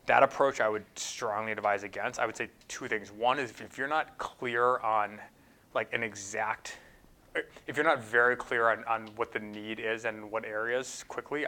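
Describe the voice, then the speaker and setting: A man's voice: medium pitch, steady tone, moderate pace, pushed and bright. A man speaking as a guest at a talk, answering audience questions in a thoughtful way with frequent fillers and restarts. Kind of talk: conference Q&A answers.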